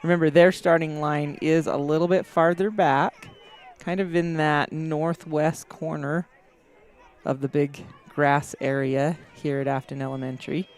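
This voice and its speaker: Guy calling a kids race from inside, chatty, laughs a lot, voice sits a bit high. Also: flat delivery, unhurried. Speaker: race commentator. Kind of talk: live event commentary. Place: indoors, watching on a big screen.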